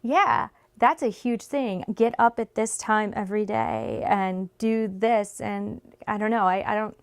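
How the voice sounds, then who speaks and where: A woman's voice: medium pitch, unhurried, clean tone, no room sound. Casual woman interviewer, dry sound. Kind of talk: conversational interview.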